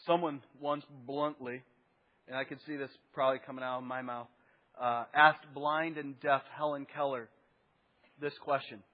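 A man's voice: medium pitch, little pitch movement, moderate pace, big-room sound, phone-quality sound. A man preaching a sermon as pastor, conversational, with rhetorical questions and asides to the congregation.

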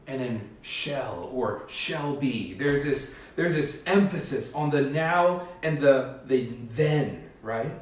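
A man's voice: medium pitch, darkish tone. A male pastor preaching a sermon in an earnest, emphatic manner, with rising bursts. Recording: echoey hall, distant mic.

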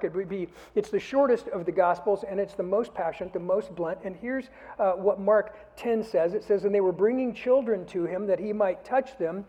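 An older man preaching a sermon as a pastor, earnest, rising to loud emphasis and sinking to near whispers. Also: high-pitched. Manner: earnest, swells louder then drops to a near whisper. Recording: dull sound with long hall reverb.

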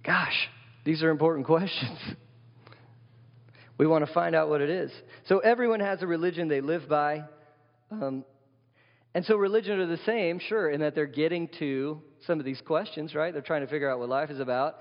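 A man's voice: on the high side, normal speed. Conversational male pastor preaching in a hall. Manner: conversational preaching, poses questions to the congregation. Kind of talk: sermon. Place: church sanctuary. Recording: long hall reverb, dull lo-fi sound.

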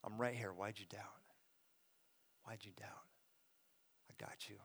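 A man voicing a gentle, comforting Jesus in a hushed, whispered role-play. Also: lowish voice, fairly even intonation, a little slow, slightly rough, pitched below the performer's own voice, heavily acted. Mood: tender. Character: tender, comforting Jesus reassuring a frightened friend.

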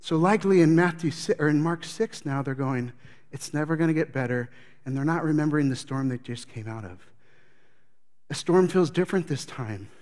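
A man's voice: a little high, lively intonation, normal speed, darkish tone. A man preaching a sermon as pastor, telling the story with animation and acting out scenes.

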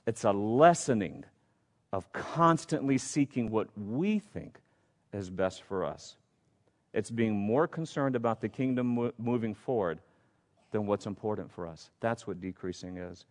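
Emphatic preaching man in a reverberant hall. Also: mid-range voice. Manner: emphatic, repetitive preaching with rising questions. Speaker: pastor. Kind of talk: sermon.

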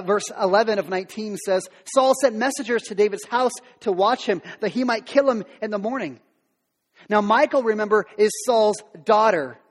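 A man's voice: high-pitched, long reverb tail. A male preacher retelling a Bible story in a conversational sermon, with modern asides.

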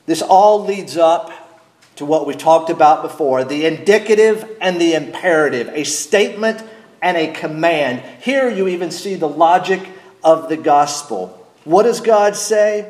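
A middle-aged man preaching a sermon as pastor, speaking deliberately and asking his congregation questions. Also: fairly high pitch, expressive, darkish tone, roomy sound.

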